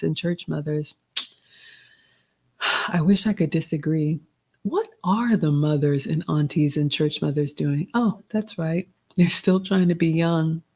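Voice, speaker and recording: Woman, 40s, Southern accent, low-pitched, polished and motherly, casual livestream Q&A host. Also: dark tone. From American South. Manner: polished, motherly advice-giving, reads comments aloud. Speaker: livestream host answering chat.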